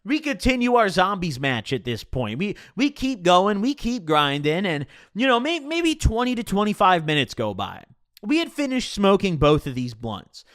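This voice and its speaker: A man's voice: high voice, moderate pace. A young man telling a casual, profane story in his own voice. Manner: casual and profane, animated retelling.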